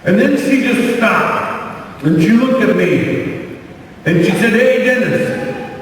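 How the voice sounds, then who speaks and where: A man's voice: high-pitched, animated, takes it slowly. A man performing a live dramatic monologue on a church stage, acting out the dialogue he quotes. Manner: theatrical, acts out quoted dialogue. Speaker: Christian skit performer. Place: church stage before an audience. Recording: echoey church hall, distant, faint noise.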